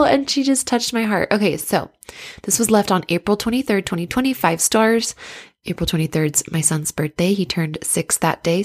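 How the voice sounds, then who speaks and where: A woman in her thirties hosting a casual podcast as a life coach, bubbly and chatty, laughing often, with a stuffy nose. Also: medium pitch. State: stuffy nose from sinus blockage.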